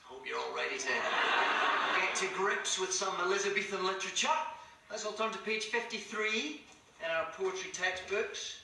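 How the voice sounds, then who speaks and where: A man's voice: high-pitched, moderate pace, gravelly, recorded from a distance. An actor with a Scottish accent playing a stern, dry male English teacher in a roomy, noisy classroom clip.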